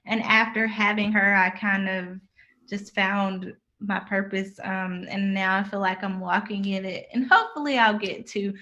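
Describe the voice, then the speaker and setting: Woman, thirties, reflective guest, laughs easily, mid pitch, muffled lo-fi sound. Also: fairly even intonation, measured pace, sharp tone. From United States. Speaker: guest, birth worker. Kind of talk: casual interview answers.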